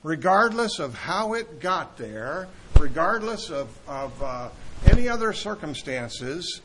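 An older man gives a Bible-teaching sermon in a husky, slightly raised voice. He talks casually and thinks aloud, asking his listeners questions as he goes. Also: on the high side, very animated, takes it slowly, hardly any pauses, a bit bright. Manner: conversational, asks the audience questions, frequent fillers. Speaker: preacher.

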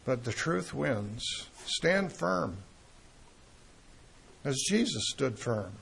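Gravelly-voiced man preaching a sermon. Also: mid-range voice, sing-song, a bit bright, slight background noise. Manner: earnest, emphatic, with pauses and restarts.

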